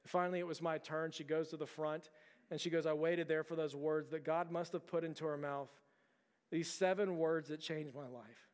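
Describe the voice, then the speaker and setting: A man preaching a sermon, telling a story in an earnest way that often stumbles over repeated words. His voice is resonant and somewhat high for a man. It rings out with the long reverb of a large hall. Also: steady tone, normal speed, darkish tone. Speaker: pastor.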